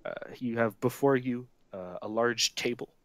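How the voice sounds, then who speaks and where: A man narrating as game master for a tabletop game, pausing often with filler sounds as he describes scenes. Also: medium pitch, dry recording. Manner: halting, frequent "uh" fillers.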